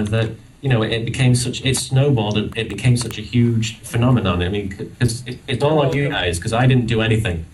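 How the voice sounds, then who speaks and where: A man's voice: mid-range voice, slight background noise. A man speaking as a guest on a convention panel, talking casually with frequent restarts and stumbles. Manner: halting, many restarts. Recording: distant audience-camera recording.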